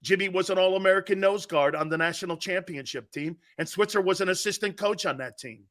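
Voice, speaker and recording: A man hosting a live sports talk show, telling stories in an animated, rambling way with many asides. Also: sits high, a little fast. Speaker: sports talk radio host.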